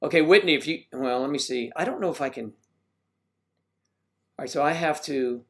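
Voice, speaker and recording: A man's voice: fairly high pitch, unhurried. An older man hosting a casual livestream, greeting viewers by name and rambling while he fumbles with his equipment. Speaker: livestream host.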